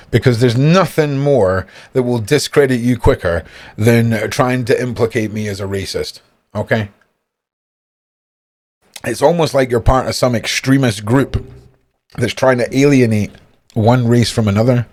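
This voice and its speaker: Sarcastic Scottish YouTuber. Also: male voice, medium pitch, measured pace. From Scotland. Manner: sarcastic, mocking, profane. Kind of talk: commentary reading out messages.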